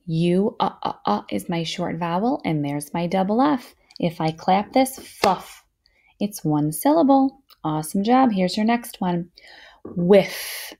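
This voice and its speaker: A young woman teaches phonics to small children at a very unhurried pace. Her voice sits a little low, and she sounds out each word patiently and encouragingly. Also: animated, mellow. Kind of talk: slow, clear phonics lesson for young children.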